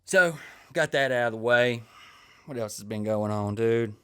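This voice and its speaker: A man with a drawl tells profane, meandering stories on his own podcast. His voice sits in an ordinary middle pitch, and he swears constantly as he riffs through his week. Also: unhurried, a bit bright, clean tone. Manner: crude, rambling, swears constantly, acts out quoted people. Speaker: comedian podcast host. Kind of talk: profane storytelling monologue.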